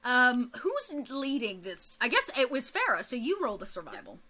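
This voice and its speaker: A woman running a tabletop fantasy game with a high, very bright voice that moves a lot in pitch. She narrates in a chatty way, with plenty of ums and restarts. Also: huge pitch swings, normal speed. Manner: chatty, frequent fillers and restarts. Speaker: game master.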